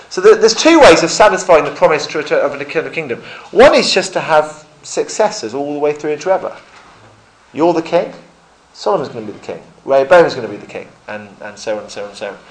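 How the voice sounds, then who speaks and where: A middle-aged man leading an informal Bible study, chatty, often correcting himself and growing animated in places. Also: a little high, rough recording.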